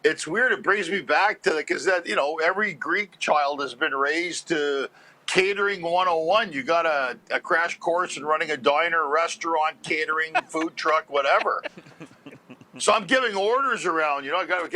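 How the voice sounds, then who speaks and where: A comedian from Montreal tells stories as an interview guest, animated and quick to laugh. His voice is high and bright, pushing through each anecdote. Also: poor audio. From Montreal, Canada. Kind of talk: storytelling interview chat.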